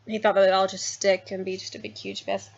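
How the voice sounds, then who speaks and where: A woman's voice: medium pitch, little pitch movement, brisk, lo-fi sound. Rambling woman vlogging from home. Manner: rambling, many ums and trailing asides. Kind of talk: casual chat to camera. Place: at home, in a house.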